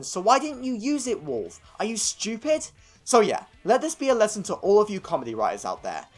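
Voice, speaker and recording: A man's voice: sits high, fairly bright tone. A man from England with an English accent narrating a scripted video review of a cartoon series, opinionated and given to sarcastic little rants. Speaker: film and TV reviewer.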